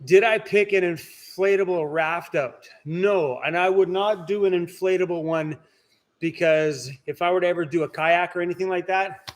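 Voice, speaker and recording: A man's voice: sits high, steady tone, moderate pace. A man hosting a casual live stream from inside his workshop, chatting and answering viewer comments. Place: indoor workshop.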